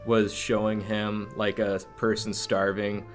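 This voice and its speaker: Rambling, low-pitched man chatting. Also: monotone, a little slow, faint music behind. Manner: rambling, many fillers and restarts. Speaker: podcast co-host. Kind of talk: casual chat.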